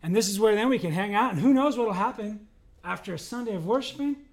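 High-voiced pastor preaching casually. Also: male voice, lively intonation, quick pace. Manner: conversational, humorous, acts out voices in quotes. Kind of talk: sermon. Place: church.

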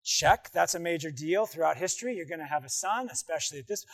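Animated high-voiced male preacher. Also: fast, few pauses. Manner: animated storytelling, acts out voices, jumps from hushed to loud. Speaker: pastor. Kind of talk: sermon.

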